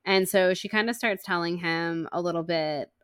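A woman co-hosting a podcast, chatting casually about a book, retelling scenes with quoted lines and quick laughs. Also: lowish voice, smooth, dry recording, clean studio sound. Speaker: podcast co-host. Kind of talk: casual book-club chat.

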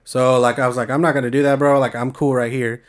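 A man's voice: mid-range voice, flat delivery, fast. A young man from the San Francisco Bay Area telling a story in a laid-back, slangy way, swearing often. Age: young adult. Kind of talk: casual storytelling chat.

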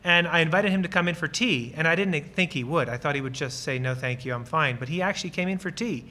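Earnest man with a bright, forceful voice. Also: fairly high pitch, fast talker. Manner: earnest and enthusiastic, telling personal stories; acts out short bits of dialogue while explaining. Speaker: guest speaker on ministry. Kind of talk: church talk with audience questions.

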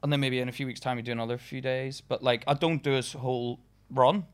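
A man's voice: medium pitch, level tone, quick pace, clear, resonant tone. A young man from England, a stand-up comedian guest chatting casually on a podcast, laughing often and swearing as he rambles through stories.

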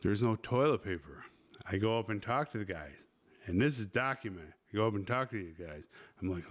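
A man's voice: on the low side, lively intonation, a little fast. A man hosting a podcast, telling a crude story in a rambling, casual way with lots of swearing. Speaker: podcast host.

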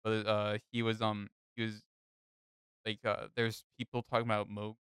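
A young man chatting casually on a podcast, drifting through a story with lots of "like" and "uh". His voice sits a little low and smooth. The sound is dry and close. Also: completely flat delivery, normal speed, a bit bright, dry recording. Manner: rambling storyteller, many fillers. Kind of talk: casual chat.

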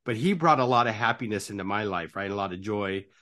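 A man's voice: on the low side, expressive, fast, bright, forceful tone. A man hosting a casual interview, earnest and encouraging, who tags nearly every phrase with "right?". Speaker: podcast host and life coach.

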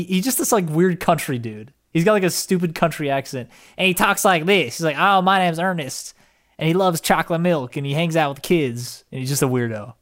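Young male podcast co-host, excitable, rambling, casual cursing, relaxed chat. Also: on the high side.

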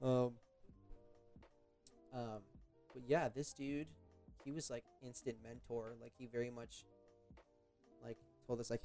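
A man's voice: medium pitch, flat delivery, slow pace, long pauses, mellow, soft background music. Laid-back British guy telling stories. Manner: rambling, profane, laughs often. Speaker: podcast host. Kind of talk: casual storytelling chat.

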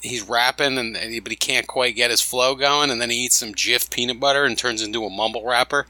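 A man's voice: mid-range voice, fairly even intonation, a little fast, sharp tone, no room sound, poor audio. A man hosting a podcast, joking and teasing his co-hosts with casual profanity. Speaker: podcast host.

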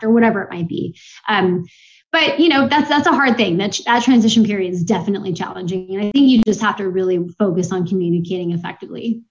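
A woman's voice: medium pitch, quick pace, muffled recording. A woman who is a podcast guest, telling personal stories in an earnest, reflective way, with plenty of "like" and "you know". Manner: earnest, reflective storytelling with many fillers. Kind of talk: casual interview chat.

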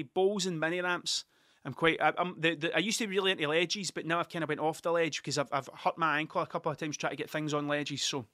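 He is a Scottish vlogger in his thirties, and his voice sits on the high side, sounding pushed and bright. The recording is dry and studio quality. His storytelling is casual and rambling, with frequent swearing, digressions and moments where he interrupts himself.

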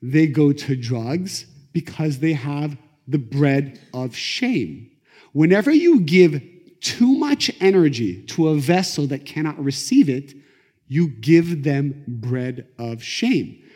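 A middle-aged man teaching a class on Kabbalah, telling stories in a lively conversational way. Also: fairly high pitch, slow pace. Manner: animated, conversational, acts out quotes. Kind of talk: lecture storytelling. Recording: echoey lecture hall.

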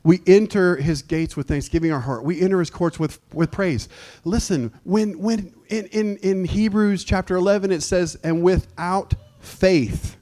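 A man with a high-pitched voice preaches a sermon. He talks in an emphatic call-and-response manner, firing questions at his listeners and pressing each point home. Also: normal speed, warm tone. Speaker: pastor.

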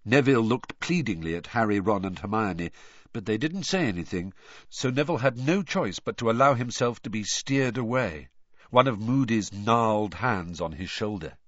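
Male audiobook narrator, lower voice, husky, animated delivery. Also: no echo. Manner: measured, lively storytelling. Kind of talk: scripted narration. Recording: dull dry recording.

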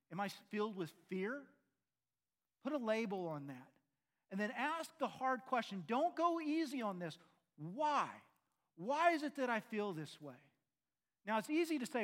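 A man preaching a sermon earnestly, pressing loud questions and then dropping to quiet, low endings.

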